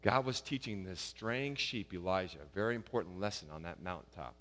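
A man's voice: sits low, brisk, few pauses, fairly bright tone. Preacher man in a reverberant hall. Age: young adult or middle-aged, a father of young kids. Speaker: pastor. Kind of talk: sermon.

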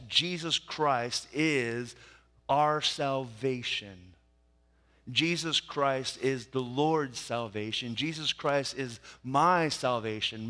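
A man preaching a sermon as pastor, speaking deliberately and repeating key phrases for emphasis. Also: mid-range voice, pushed and bright. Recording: reverberant hall.

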